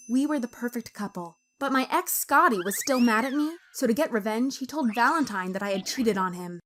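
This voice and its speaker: Woman, storytime narration, dramatic, high voice, very lively. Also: fairly quick, few pauses, a little hiss or hum. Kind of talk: scripted first-person story narration.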